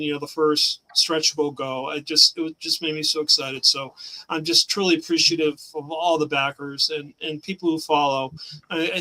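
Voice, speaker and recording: A man's voice: on the high side, bright, forceful tone, low-quality recording. A middle-aged man chatting as a guest on a remote talk show, enthusiastic and rambling, laughing often. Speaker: guest comic creator. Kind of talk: casual interview chat.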